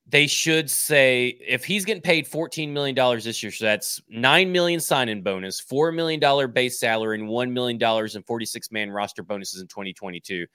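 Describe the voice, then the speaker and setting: A man's voice: medium pitch, pushed and bright, clean tone, no echo, clean studio sound. A man talking sports on a podcast, explaining money and contracts bluntly, point by point. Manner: blunt, numbers-heavy explaining. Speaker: podcast guest analyst. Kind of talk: casual sports talk.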